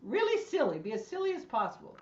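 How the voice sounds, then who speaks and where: A woman's voice: high-pitched, huge pitch swings, quick pace, muffled recording. A woman voice and choir instructor leading an online movement and singing class in a playful, encouraging way over a video call.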